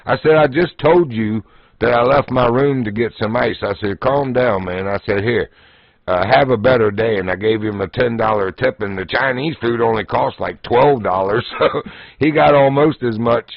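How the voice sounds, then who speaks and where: A man spins casual, folksy stories on his livestream and keeps breaking into laughter. His voice sits in a middling pitch. The audio is dry and a little dull and lo-fi. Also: normal speed, gravelly, no echo. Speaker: livestream host. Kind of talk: casual storytelling.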